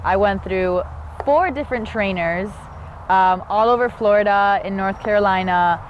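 A woman's voice: medium pitch, moderate pace, a little hiss or hum. Woman talking plainly about her dog, kinda muffled, outside. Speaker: client. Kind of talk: testimonial.

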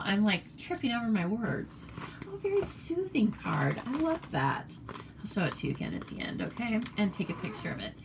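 A woman's voice: medium pitch, noisy background. An American woman demonstrating papercraft cards in a casual, chatty tutorial, rambling with fillers and self-corrections.

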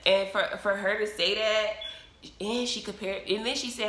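A woman vlogger telling a personal story in a casual, animated way and acting out what people said. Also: mid-range voice, moderate pace. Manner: animated, emotional, acts out quoted dialogue. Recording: roomy echo.

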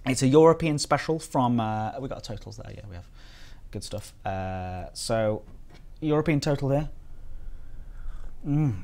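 A British man talks playfully at his desk on a live stream and drifts from topic to topic. He reads out the viewers' comments as he goes, and his pitch sits right in the middle for a man. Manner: chatty, playful, reads chat aloud. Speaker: streamer reviewing biscuits. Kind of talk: casual live-stream chat.

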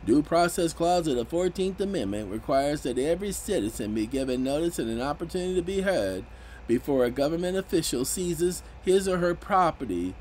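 A man talking through legal points in a casual commentary, his pitch swinging up high whenever he gets indignant. His delivery is emphatic and animated, over a faint hiss of background noise. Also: brisk, low-quality recording. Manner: emphatic, rises sharply when indignant.

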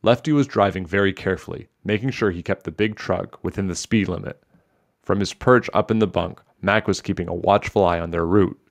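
Man, deep voice, reading a children's book aloud, steady, clear. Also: fairly quick. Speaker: storybook reader.

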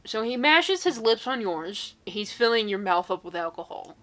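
A woman's voice: on the high side, sing-song, moderate pace, fairly bright tone, soft background music. A woman in her twenties, a YouTuber reading social media posts aloud and reacting to them with sarcasm and incredulous outbursts. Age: 20s.

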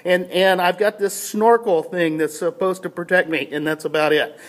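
A man's voice: high-pitched, steady tone, normal speed. A man giving a short devotional talk, telling a personal story in a casual, self-deprecating way with many restarts before drawing a faith lesson. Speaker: pastor.

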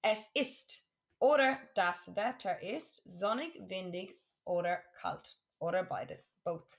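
A woman teaching a German lesson, saying words slowly and clearly and repeating them for practice. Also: medium pitch, animated. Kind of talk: classroom lesson for students.

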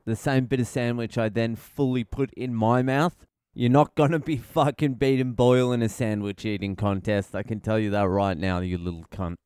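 A man's voice: mid-range voice, steady tone, normal speed, darkish tone, clean tone, dry recording, clean studio sound. A middle-aged Australian man, a comedian hosting his podcast, telling a story in a profane, ranting style. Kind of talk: casual comedic monologue.

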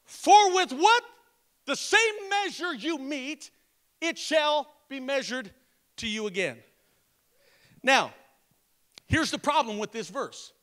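A pastor preaching a sermon, calling on the congregation to repeat after him and slowing to stress each word of scripture. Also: male voice, extremely high pitch, animated, a bit bright. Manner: emphatic call-and-response preaching.

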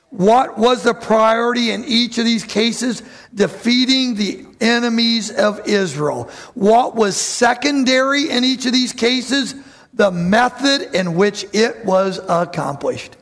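A man preaching a lively sermon to his church, who acts out the voices of bible figures and calls out to the congregation. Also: very high voice, measured pace. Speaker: pastor.

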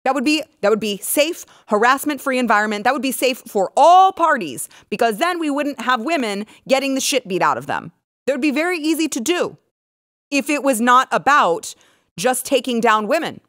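A woman hosting an opinionated talk show, emphatic and scornful, switching to a brisk pace for sponsor plugs. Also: high voice, big pitch swings, a bit bright, no room sound, clean studio sound.

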